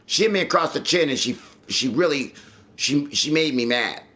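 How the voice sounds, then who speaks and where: A man's voice: on the high side, lively intonation, normal speed, pushed and bright. A man streaming live, chatting casually and ranting with lots of swearing. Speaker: livestreamer. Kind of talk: casual livestream chat.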